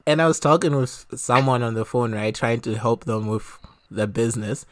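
A man's voice: mid-range voice, moderate pace. A man with a light Malawian accent, telling stories with laughter in a casual chat. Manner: laughing storyteller, animated retelling.

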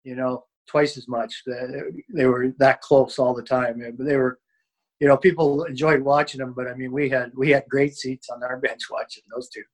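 A man in a casual interview, telling old hockey stories. He rambles and restarts often, filling gaps with "uh" and "you know". His voice sits at an ordinary middle pitch. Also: flat delivery, moderate pace, poor audio. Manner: rambling, many fillers and restarts. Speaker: former hockey player.

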